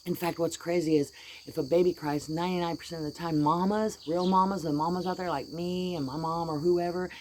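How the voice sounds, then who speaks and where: A woman's voice: lowish voice, fairly even intonation, brisk, slight background noise. A middle-aged woman with a drawl, venting to her viewers in a blunt, heated, folksy way. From United States. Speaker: vlogger. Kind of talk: casual venting vlog.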